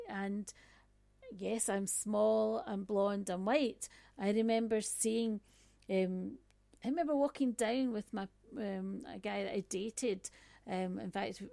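Woman speaker, low-key gravelly storyteller, chatty with lots of asides, dry recording. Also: dark tone, dry recording. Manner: conversational, frequent "right?" and "um" asides. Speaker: speaker on workplace bias. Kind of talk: personal storytelling talk.

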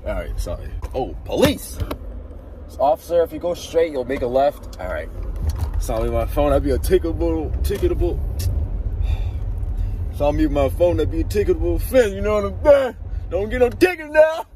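A man chats and rants from the driver's seat, his voice swinging from mutters to loud outbursts. He talks into a phone he holds in one hand. Faint traffic hums outside the car. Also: a little high, normal speed, long pauses, distant mic, poor audio. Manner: animated ranting, sometimes loud outbursts. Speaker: vlogger. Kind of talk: casual car vlog chat. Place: inside a car at a drive-thru. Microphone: phone held in hand.

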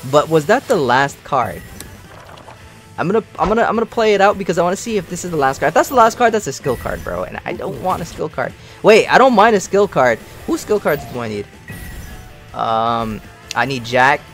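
Young male gamer, higher voice that swings all over, excitable and slangy, faint game music underneath. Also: a little fast. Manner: excitable, slangy, grumbling at bad luck. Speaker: mobile game streamer. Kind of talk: casual gaming commentary.

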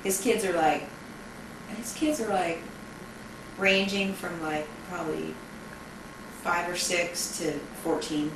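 A woman's voice: fairly low pitch, fairly even intonation, slow, pauses often. A young woman in casual, frank conversation with a friend, talking freely with lots of fillers. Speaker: friend being filmed. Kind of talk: casual chat. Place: outdoors hangout spot. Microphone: camcorder mic from a distance. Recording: echoey, distant, noisy home video.

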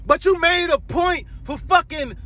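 A man's voice: extremely high pitch, measured pace, bright, forceful tone. A man delivering a heated, profane fan rant to his viewers, repeating himself as his anger builds. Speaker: fan vlogger.

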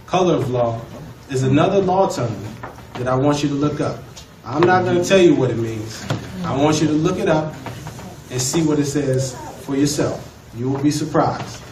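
A man's voice: fairly high pitch, normal speed. A man teaching a law class, lecturing emphatically and putting questions to the students. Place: college classroom. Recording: echoey room from far off, noisy.

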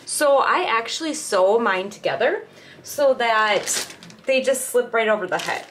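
A woman's voice: mid-range voice, noisy background. Chatty woman demonstrating a crochet craft. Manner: chatty and relaxed, talks while working with her hands. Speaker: crochet tutorial host. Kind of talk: casual step-by-step craft demonstration.

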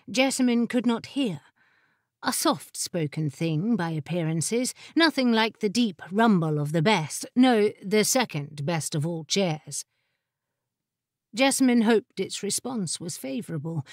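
A woman narrating a fantasy audiobook in a measured, expressive storytelling voice, on a close studio mic. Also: medium pitch, no echo.

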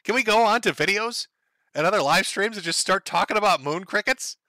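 A man's voice: sits high, a little fast, sharp tone, no room sound. A man hosting a casual livestream, reading chat aloud and joking crudely, often breaking into laughter.

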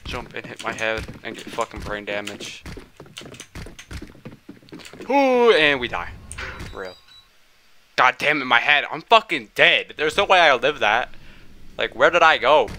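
A man's voice: medium pitch, very animated, unhurried, long pauses, sharp tone, slight background noise. A man doing profane, slang-heavy let's play commentary, mocking the monster and yelping when startled. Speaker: gaming channel host.

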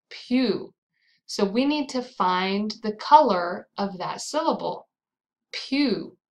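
A woman with an American accent teaching pronunciation, saying each word slowly and repeating it for the listener. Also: a little high, rough recording. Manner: drills words slowly and repeats them. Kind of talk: slow, clearly enunciated teaching.

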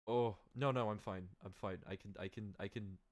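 A young man hosting a live stream, calling the action in a loud, excitable way and laughing often. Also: lowish voice, normal speed. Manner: yells and laughs at big moves, then mumbles when fixing slides. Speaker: stream host and commentator.

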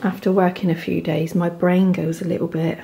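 A woman in her thirties with a Devon accent, chatting casually at home as a knitting vlogger, gushing softly over her yarn. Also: fairly low pitch, flat delivery, brisk, creaky, a little hiss or hum. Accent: Devon English. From England. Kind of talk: casual chat to camera. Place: home, indoors.

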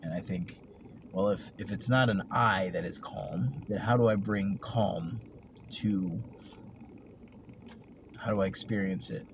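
Low-voiced man rambling over background noise. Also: measured pace, long pauses. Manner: meandering, reflective, trailing off into soft murmurs. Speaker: vlogger. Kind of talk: rambling personal vlog. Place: at work, vehicle sounds around.

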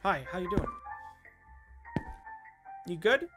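High bright guy joking through a horror game, slow drawl, bit of music in the back. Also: lively intonation. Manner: jokey, teasing, bursts into shouts and laughs. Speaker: gaming streamer. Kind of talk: comedic horror game commentary.

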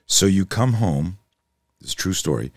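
A man's voice: low voice, lively intonation, moderate pace, dry recording. A man guesting on a podcast as a self-defense instructor, telling stories in an intense, emphatic way and swearing freely. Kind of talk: animated storytelling in casual conversation.

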